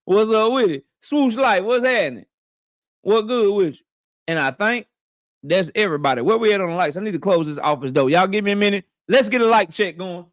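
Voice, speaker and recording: High-voiced man hosting a slangy live stream. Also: expressive, brisk, no echo, studio quality. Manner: loose, slangy shout-outs to viewers. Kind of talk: casual live stream chat.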